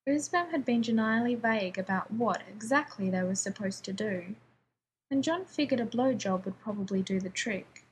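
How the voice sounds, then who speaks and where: A woman narrating fan fiction aloud in a calm, even storytelling voice. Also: mid-range voice, slight background noise, low-quality recording.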